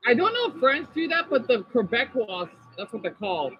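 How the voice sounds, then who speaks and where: Man vlogging, high lively voice, slow rambling talk, slightly dull recording with faint hum. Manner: rambling, apologetic, playful asides. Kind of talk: casual chat reacting to videos.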